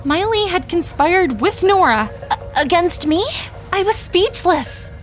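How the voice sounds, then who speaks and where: High-voiced young woman telling a dramatic story. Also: expressive, a little slow, soft background music. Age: young adult. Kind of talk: first-person storytime narration.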